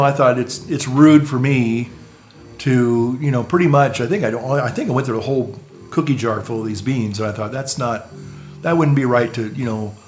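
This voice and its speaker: A man's voice: medium pitch, a little mellow. Rambling man telling a story. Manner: rambling, repeats words, chuckles between phrases. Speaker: priest. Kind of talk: casual storytelling.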